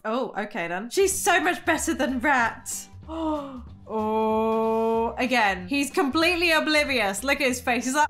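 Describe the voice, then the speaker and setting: A woman's voice: high voice, animated, measured pace, hardly any pauses, a bit bright, soft background music. A woman YouTuber giving bubbly, exclamatory reaction commentary on gacha videos.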